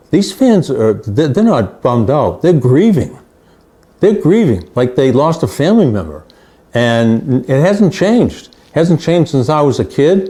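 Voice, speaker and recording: Older man, sports reporter, mellow tone, storytelling, repeats phrases for emphasis. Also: medium pitch.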